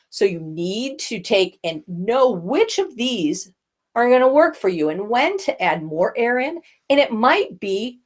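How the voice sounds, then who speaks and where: A woman voice coach teaching, expressive as she demonstrates airy and edgy tones with her own voice. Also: fairly high pitch. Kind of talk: instructional talk.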